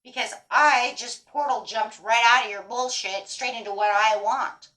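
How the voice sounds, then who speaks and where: A woman's voice: fairly high pitch, moderate pace, sharp tone, low-quality recording. Blunt, emphatic woman tarot reader. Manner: emphatic, blunt, swears freely. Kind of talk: tarot reading monologue.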